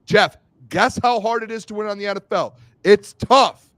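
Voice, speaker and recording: Excitable high-voiced man. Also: fairly quick, no room sound. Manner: excitable, shouting, teasing. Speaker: co-host. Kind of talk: hyped sports talk.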